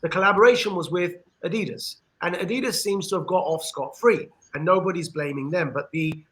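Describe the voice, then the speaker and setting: A man with an English accent giving an earnest discussion monologue on a podcast, with frequent pauses and restarts. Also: high voice, fairly bright tone, rough recording. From England. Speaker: podcast panelist.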